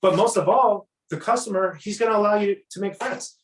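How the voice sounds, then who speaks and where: An energetic man coaches salespeople in a loose, talkative way and slips into little acted exchanges with customers. His voice sits a bit high for a man. The sound is roomy and echoey. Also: a little fast, slight background noise. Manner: energetic, acts out customer dialogues. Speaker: sales trainer. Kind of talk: casual sales coaching talk. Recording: echoey room.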